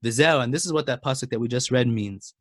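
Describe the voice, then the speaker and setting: A man teaching a Torah lesson and telling a story, speaking emphatically and building to excited exclamations. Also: mid-range voice, brisk, no room sound, clean studio sound.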